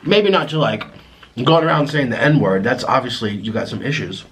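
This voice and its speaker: A man vlogging to camera, talking in a reflective, apologetic way with many restarts, pausing to eat. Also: medium pitch, expressive, breathy edge. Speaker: mukbang vlogger. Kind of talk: casual confessional talk to camera.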